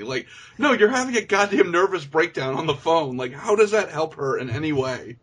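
A man's voice: on the high side, a little fast, hardly any pauses, a bit bright. A man co-hosting a podcast in casual chat, ranting with lots of swearing and "like". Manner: profane, ranting, many "like"s. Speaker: podcast co-host.

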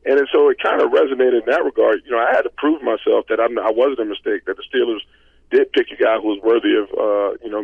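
Gravelly man on a phone line. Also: medium pitch, no room sound. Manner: conversational storyteller, many fillers. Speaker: guest, former football lineman. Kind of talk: casual interview talk.

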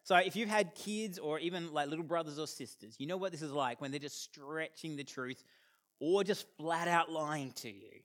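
An Australian man in his thirties speaks to an audience, his voice sitting high for a man. He tells stories with animated, self-deprecating humour and acts out the lines of the people in them. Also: moderate pace. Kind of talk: storytelling talk to an audience.

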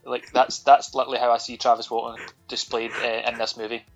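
A man's voice: mid-range voice, flat delivery, brisk, dull audio, soft background music. A Scottish man co-hosting a podcast, recapping a film in a sweary, sardonic, rambling way. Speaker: podcast co-host. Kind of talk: casual film-review chat.

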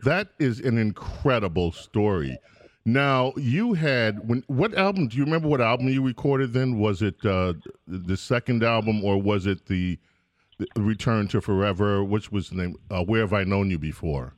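A man's voice: fairly low pitch, animated, normal speed, no echo. A man hosting an interview, asking eager follow-up questions. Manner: enthusiastic, asks follow-up questions. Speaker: interview host.

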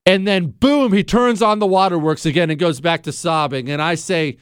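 A man's voice: high-pitched, normal speed, few pauses, clear, resonant tone, no room sound, studio quality. A man hosting a talk radio show, telling stories in a blunt, sardonic monologue. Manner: animated storytelling, blunt and sardonic.

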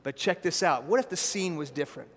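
High-voiced male preacher in a reverberant hall. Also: animated, fairly quick. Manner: conversational preaching with asides like "right?" and "okay?". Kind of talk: sermon.

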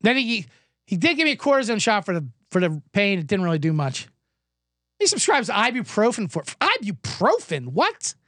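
A man's voice: sits high, sing-song, brisk, a bit bright, no room sound. Man, comedian host, rambling, swearing, self-deprecating, getting over a cough, dry close mic. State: recovering from a cough. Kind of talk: comedic casual monologue. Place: indoors, Los Angeles.

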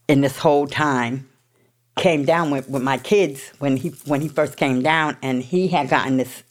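A woman from New York telling her recovery story to an audience in a blunt, profane, emotional way. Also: a bass voice. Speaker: recovery speaker. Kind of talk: candid personal recovery story.

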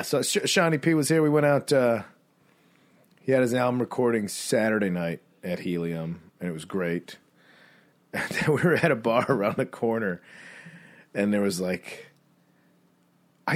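A man co-hosting a podcast in casual chat, telling a rambling bar story and mimicking people in high squeaky voices. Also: normal speed. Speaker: podcast co-host.

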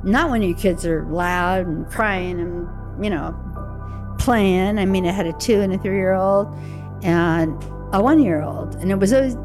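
An older woman recounts a personal memory in a loose, conversational way, slipping into the voices of the people she quotes. Her pitch is mid-range for a woman. Music plays clearly beneath her. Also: measured pace. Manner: conversational, acts out remembered dialogue. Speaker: interview guest. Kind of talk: personal storytelling.

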